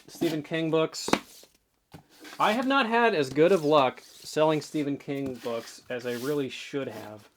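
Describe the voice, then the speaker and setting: A man's voice: medium pitch, slight background noise. A man talking casually to the camera as a reselling vlogger, offhand and rambling, a bit out of breath. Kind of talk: casual vlog talk.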